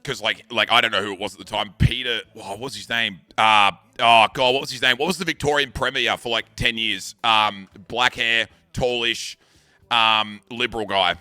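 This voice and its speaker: A man's voice: lowish voice, fairly even intonation, moderate pace, bright, forceful tone, clear, resonant tone. A young Australian man casually telling a rambling, sweary school story, full of bro and dude. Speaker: streamer.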